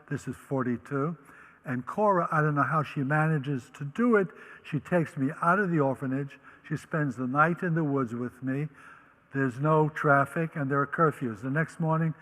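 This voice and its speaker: A man's voice: on the high side, a bit bright, in a large hall, poor audio. An older man from the Netherlands, a Holocaust survivor, telling his life story vividly and acting out the voices he quotes. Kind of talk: personal storytelling talk.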